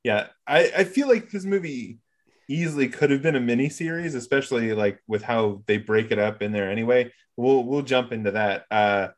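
A man hosting a podcast, talking in a relaxed, conversational way. He chuckles often and lets his sentences drift. His pitch sits in the middle. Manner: relaxed, laughs easily, trails off. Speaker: podcast host. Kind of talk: casual chat.

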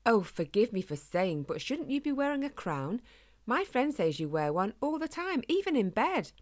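A woman's voice: a little high, very animated, normal speed, dry recording, clean studio sound, pitched above the performer's own voice. A woman voicing a polite, earnest young male hedgehog in a storybook. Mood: polite, curious.

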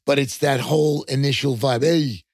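An older man with a New York accent, chatting casually on a podcast as the host's father, rambling with halting restarts. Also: medium pitch, gravelly, dry recording, studio quality. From Long Island, New York.

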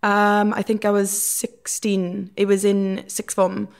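A woman's voice: medium pitch, completely flat delivery, slow pace, vocal fry, smooth. A young woman with a Welsh accent, a guest telling stories from her past in a frank, rambling way, full of fillers. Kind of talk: casual candid storytelling.

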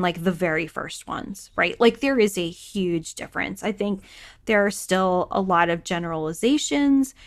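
Woman co-host, mid-pitched, analytical and wry conversational delivery. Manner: thoughtful, analytical, joking asides. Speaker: podcast co-host. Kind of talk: casual chat about books.

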